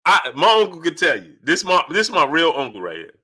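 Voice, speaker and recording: A man hosting a casual live stream, greeting chat viewers by name one after another in an animated, rapid-fire way. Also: a little high, slightly rough.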